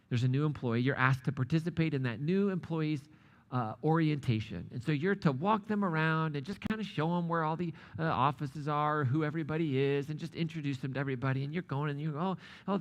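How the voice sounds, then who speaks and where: A man's voice: a little high, fairly bright tone, big-room sound. A middle-aged man preaching a sermon to a live congregation in a church, conversational and joking, often asking the audience questions. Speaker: pastor.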